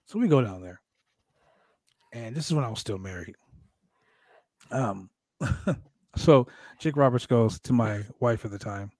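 A man's voice: mid-range voice, measured pace, pauses often, no room sound. A man co-hosting a wrestling podcast, swearing freely and telling loose, rambling stories in casual chat. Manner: profane, storytelling, animated.

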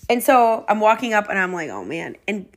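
A woman hosts a podcast from her home and tells a story in a casual, chatty way. Her delivery is animated, and she often breaks into laughter. Her pitch sits in the middle range for a woman. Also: brisk, heavy background noise. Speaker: podcast host.

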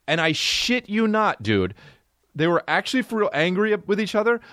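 A young man hosting a solo comedy podcast, rambling through stories with heavy swearing. His pitch swings widely as he talks, and the sound is close and dry. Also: fairly bright tone, no echo. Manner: profane, rambling storytelling. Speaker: podcast host.

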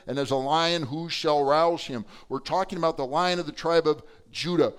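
A middle-aged male pastor preaching a sermon, animated, acting out quotes with sudden swings between loud and soft. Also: a little high, clear, resonant tone.

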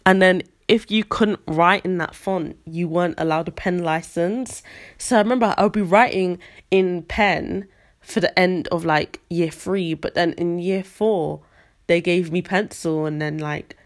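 A woman's voice: fairly low pitch, a little slow. A young woman telling a story in a casual podcast, ranting and acting out the people she quotes. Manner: animated, acts out quoted voices, ranty. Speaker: podcast host.

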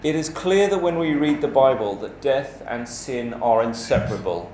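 A man preaching a sermon in a measured, emphatic way, asking rhetorical questions. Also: mid-range voice, darkish tone, slight background noise. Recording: echoey church hall with faint ambience.

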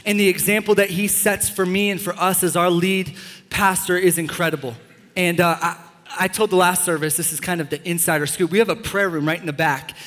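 A young man preaching a sermon as a pastor, enthusiastic and joking with sudden loud bursts. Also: high voice, steady tone, a little fast. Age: young adult. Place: large church hall. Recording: long church-hall reverb.

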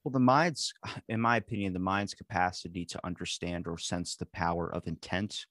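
Man, podcast host, low voice, dry close sound, rambling, opinionated. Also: fairly even intonation, moderate pace, fairly bright tone, no echo. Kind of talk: conversational podcast interview.

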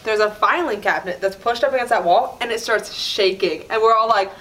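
A woman chatting casually on a podcast, telling a story with lively quoted voices and frequent laughter. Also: mid-range voice, a little fast, poor audio. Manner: animated, acts out quoted voices, laughs often.

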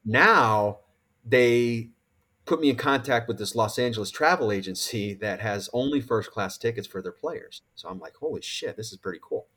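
A man in his forties from Connecticut, a podcast guest telling a story in a casual, animated and profane way. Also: medium pitch, moderate pace. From Connecticut, USA. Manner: animated, profane, acts out quoted dialogue. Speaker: podcast guest, former pro baseball player.

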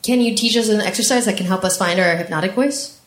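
Playful animated woman host, echoey room. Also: mid-range voice, fast talker. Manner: animated, playful, jokey questions. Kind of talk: live podcast conversation. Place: room with live audience.

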